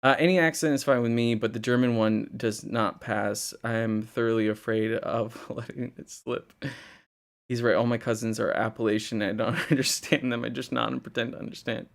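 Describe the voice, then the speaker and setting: Young dude rambling on his stream, gravelly, laughs a lot. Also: medium pitch, steady tone, normal speed. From Indiana, US. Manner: rambling, laughing often, swearing casually. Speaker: livestream host. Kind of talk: casual livestream chat reading chat comments.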